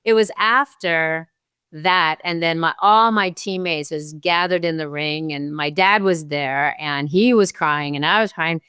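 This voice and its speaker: A woman in her sixties, a podcast guest, telling a story and acting out her own past thoughts with lively energy. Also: deep voice, measured pace, few pauses, clean tone, dry recording, studio quality. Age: 60s. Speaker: podcast guest, martial arts champion. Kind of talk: storytelling in an interview.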